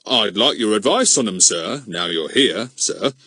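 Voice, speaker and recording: A man's voice: fairly low pitch, animated, measured pace, bright, forceful tone, slightly rough, no echo, studio quality, exaggerated voice. A man voicing a blustering, pompous middle-aged village policeman who stammers when flustered, in an audiobook. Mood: stammering.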